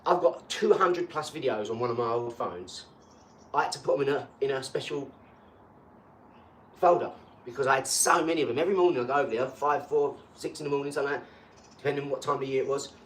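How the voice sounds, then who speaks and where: A man talking in a casual live chat, rambling and boastful, breaking into animated rants. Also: medium pitch, fast talker. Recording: echoey room, far from mic, faint hum.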